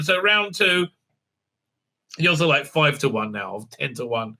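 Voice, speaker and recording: Bright high-voiced man recapping sarcastically. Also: sing-song. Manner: mocking, acts out scenes with put-on voices; halting, many fillers and restarts. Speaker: show reviewer. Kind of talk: casual sarcastic episode recap.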